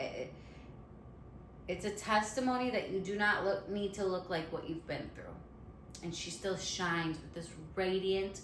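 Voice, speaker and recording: A woman's voice: lowish voice, roomy sound, a little hiss or hum, poor audio. A woman hosting a podcast from her apartment, talking in a heartfelt, earnest way and offering faith-filled encouragement. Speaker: podcast host. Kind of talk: casual inspirational talk. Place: apartment room at home.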